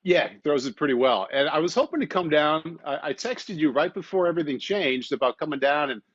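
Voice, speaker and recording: Male co-host in his forties, easygoing, slightly high voice, dull recording. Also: animated, fairly quick, husky, no echo. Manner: friendly, easygoing. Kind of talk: casual podcast chat. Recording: dry, muffled audio.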